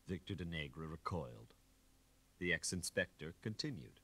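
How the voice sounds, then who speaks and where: An audiobook narrator with a deep voice reads scripted narration, telling the story in a measured, expressive way. The recording is dry.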